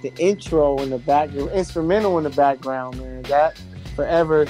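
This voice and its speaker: A man with a notably high voice hosts a loose, slang-filled podcast chat. Soft music plays faintly underneath his talk. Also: moderate pace. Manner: laid-back slangy banter. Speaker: podcast host. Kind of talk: casual chat.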